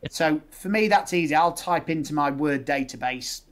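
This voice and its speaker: A man's voice: a little high, normal speed. A man, a guest dentist talking through his practical methods step by step. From West Yorkshire, England. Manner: practical, explains step by step, uses patient scripts. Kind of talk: casual interview chat.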